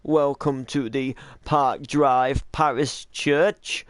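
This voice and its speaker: Man doing a posh, formal vicar for a game roleplay, smooth and dry. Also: medium pitch, steady tone, drawn-out words, no room sound. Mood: solemn. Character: posh male church vicar conducting funerals.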